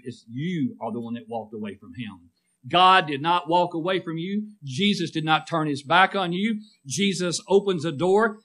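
A man's voice: fairly high pitch, a bit bright. A man preaching a sermon, calling for amens and drawing responses from the congregation with rising and falling emphasis.

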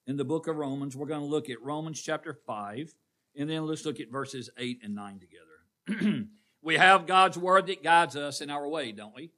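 A man's voice: fairly high pitch, normal speed, sharp tone. A man preaching a call-and-response sermon in a church, quizzing the congregation. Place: church sanctuary.

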